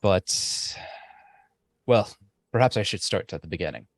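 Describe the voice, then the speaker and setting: A man's voice: sits low, animated, gravelly, dry recording, exaggerated voice. A man doing a deferential soldier officer. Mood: reporting trouble. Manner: deferential, halting with many fillers. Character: male soldier officer, polite and hesitant.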